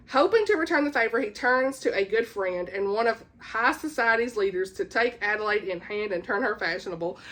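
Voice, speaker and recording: A woman's voice: on the high side, fairly bright tone. A woman with a Southern US accent chatting eagerly about upcoming books and reading their blurbs aloud, stumbling and laughing at her own slips. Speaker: book vlogger. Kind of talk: casual book chat, reading blurbs aloud.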